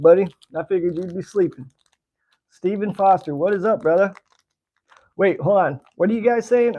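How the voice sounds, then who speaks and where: Through lo-fi sound comes a high-pitched, warm male voice: an American slingshot-channel host tasting candy. He keeps the live-stream chat casual, answering comments from viewers.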